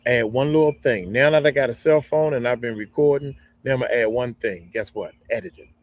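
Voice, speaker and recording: A man's voice: medium pitch, fairly quick, dry recording. A man hosting a casual live stream, giving folksy, rambling advice with side tangents. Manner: folksy, animated, rambling with digressions. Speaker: YouTube growth coach, live stream host.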